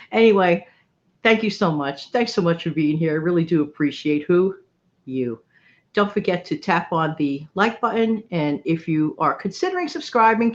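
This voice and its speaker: With a fairly low-pitched voice, a middle-aged woman from New York City tells meandering, talkative stories on her vlog and laughs a lot along the way. The audio lacks its high frequencies.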